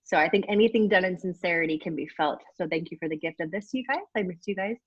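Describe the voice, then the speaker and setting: A woman's voice: lowish voice, quick pace, husky, no room sound. A woman in her forties, an athlete guest in a casual interview, talking candidly and enthusiastically with lots of fillers. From United States. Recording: dull, dry lo-fi call audio.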